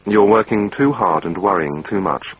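A man voicing a calm male doctor who gives advice in a steady, reassuring way, reading a textbook dialogue. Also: deep voice, moderate pace, husky, no echo. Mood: advising. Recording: dull lo-fi recording.

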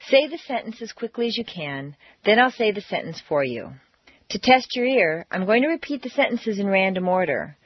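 A woman leads an audio pronunciation lesson in a clear, deliberate voice, leaning hard on stressed words. Her pitch swings widely and her tone is a little husky. It is a dry, somewhat dull recording. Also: dry recording. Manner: clear, deliberate instruction with exaggerated word stress. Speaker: pronunciation teacher. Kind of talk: scripted language-course narration.

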